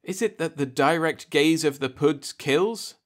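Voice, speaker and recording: A man's voice: a little high, unhurried, pitched above the performer's own voice, natural voice. A man reading the part of a curious, insistent human envoy in an audiobook, asking pressing questions. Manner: pressing, questioning, rising to alarm.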